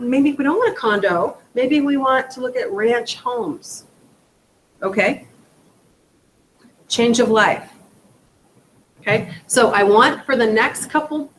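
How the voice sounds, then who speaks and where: Animated woman leading a real estate class. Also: fairly high pitch, slight background noise, poor audio. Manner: animated, acts out client dialogue, asks the room questions. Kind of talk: classroom training talk. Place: training room.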